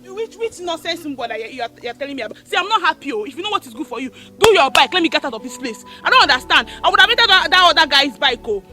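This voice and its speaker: A scolding Nigerian passenger. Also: female voice, sits high, big pitch swings, racing, few pauses, pushed and bright, heavily acted. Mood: irritated. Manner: scolding, impatient, Nigerian Pidgin mixed in. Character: impatient young woman passenger on a bike. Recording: film audio with music underneath.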